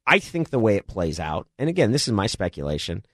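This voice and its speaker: A middle-aged man co-hosting a sports radio show, talking through football strategy in a measured, analytical way. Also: lowish voice, very animated, fairly bright tone, no room sound, studio quality. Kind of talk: casual sports talk.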